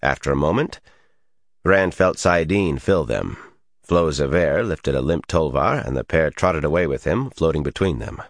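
A man with a very deep voice reads a fantasy audiobook, his pitch rising and falling in a lively way. The recording is dry and close. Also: normal speed, no room sound. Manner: expressive storytelling. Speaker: narrator. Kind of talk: audiobook narration.

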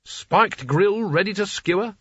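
A man's voice: sits high, measured pace, no room sound, voice pushed up. A man voicing a nervous, cowardly male wizard with a plaintive tone in an audiobook. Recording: dull dry audiobook recording.

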